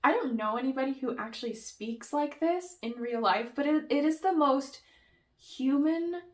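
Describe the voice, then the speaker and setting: A young book vlogger with a high, expressive voice chats at normal speed about her favorite books in a casual review video. She gushes throughout, sprinkling in plenty of "like" and "um".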